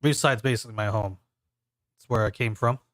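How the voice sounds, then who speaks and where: A man voicing a stern veteran ranger mentor, measured and a little exasperated, as game master of a tabletop game. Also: on the low side, a bit bright, no echo, clean studio sound, close to an everyday voice. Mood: explaining.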